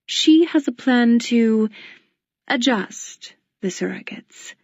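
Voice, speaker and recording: An imperious duchess, as a woman reader puts her on, clipped and condescending, her words landing with cold command. The voice has a gravelly edge. The audiobook recording sounds dull and dry. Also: on the high side, expressive, takes it slowly, a little mellow, no room sound, voice pushed up, exaggerated voice. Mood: confiding. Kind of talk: audiobook character voice.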